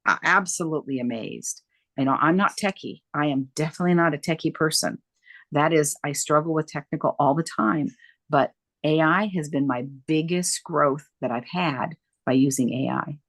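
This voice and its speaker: At a moderate pace, a middle-aged female dementia care coach recounts events as an interview guest, her delivery animated and emphatic, often leaning on repeated phrases. Her voice has a typical female pitch, recorded close and dry without any echo.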